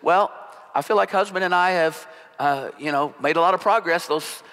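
A man voicing a wife in marriage counseling who speaks in a detached, slow voice, recorded in a reverberant hall. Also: a little high, fairly bright tone. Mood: cheery businesslike. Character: wounded wife in counseling, detached then cheery.

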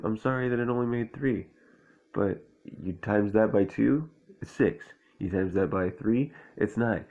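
A man's voice: on the low side, a little mellow. A young man reading a children's book aloud with laid-back, profane, slangy commentary. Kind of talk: casual read-aloud with crude commentary. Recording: tinny phone-like sound.

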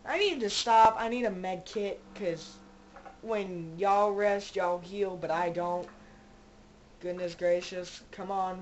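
While playing a zombie survival game, a woman gives casual let's-play commentary in a medium-pitched, slightly mellow voice. She rambles, jokes, and talks to her game characters, over poor audio with slight background noise.

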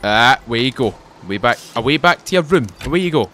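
This gaming channel host is a tired-sounding man with a bright, forceful mid-range voice who talks quickly and expressively. He chats and cracks jokes during his let's play and mouths off at on-screen enemies. A little hiss or hum sits in the recording.

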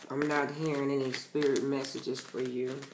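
A man's voice: medium pitch, level tone, moderate pace, roomy sound, background noise. A man giving a casual tarot reading to his channel's viewers, talking bluntly and emphatically and swearing freely. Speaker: tarot reader.

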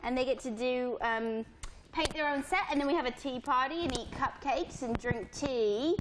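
A woman's voice: high-pitched, moderate pace, slight background noise. A woman running a pottery studio, explaining a children's painting party in a live on-location TV interview, playful and demonstrative. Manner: playful, demonstrating to children, puts on a posh accent at times.

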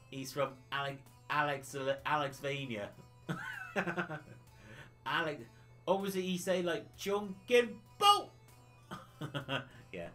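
A man's voice: a little high, fairly bright tone. A man from the UK chatting casually on a retro gaming livestream, rambling and laughing often.

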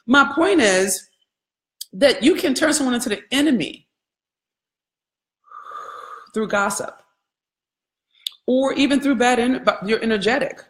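A woman business coach giving a live training, candid and animated, swearing freely and calling her audience y'all. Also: a little high, a little slow, pauses often, reverberant.

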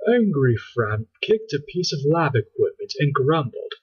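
Husky man reading a storybook. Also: lowish voice, a little slow, few pauses, highs cut off. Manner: expressive, storytelling delivery. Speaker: storybook reader. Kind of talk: reading a children's book aloud.

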